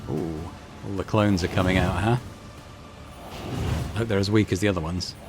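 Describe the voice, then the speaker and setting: A man hosting a let's play video, reading game text aloud and commenting offhand in a relaxed way. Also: low voice, moderate pace, music in the background. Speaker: gaming video host.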